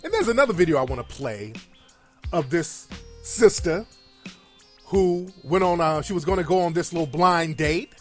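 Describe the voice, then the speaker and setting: A man's voice: on the high side, expressive, moderate pace, faint music behind. A man giving a heated, profane and mocking reaction commentary on video clips.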